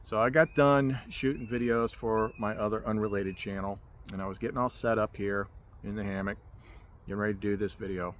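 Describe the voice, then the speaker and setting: A man's voice: fairly low pitch, steady tone, brisk, slight background noise. Rambling man telling a story outdoors. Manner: rambling, filler-heavy, with restarts and 'like'. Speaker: spiritual vlogger. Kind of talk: casual storytelling monologue. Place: outdoors in a hammock.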